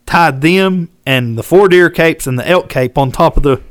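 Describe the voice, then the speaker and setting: A man tells a story over a dry, close microphone, his voice sitting a touch high for a man. He drawls, acts out every quote and laughs at his own punchlines in relaxed podcast chat. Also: normal speed, no room sound. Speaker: podcast co-host.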